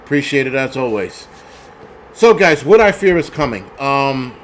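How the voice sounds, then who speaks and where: A man hosting a livestream, telling a story in a profane, animated rant and thanking viewers. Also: mid-range voice, a little hiss or hum. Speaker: host.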